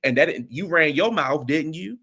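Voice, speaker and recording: A man reviewing a reality TV episode in casual commentary, ranting in an animated, profane way. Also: fairly high pitch, unhurried, slightly rough.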